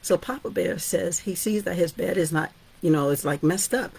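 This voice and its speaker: A woman's voice: lowish voice, normal speed, vocal fry, a little mellow, slightly rough. A woman author and teacher giving an informal storytelling lesson, chatty and often asking "right?". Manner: chatty, asks "right?" and "guess what?".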